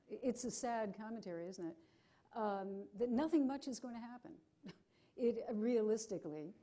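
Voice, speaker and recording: A woman interviewing a guest at a forum, framing her questions haltingly. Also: fairly high pitch, mellow. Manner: hesitant, with fillers and restarts while framing questions. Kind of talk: forum conversation.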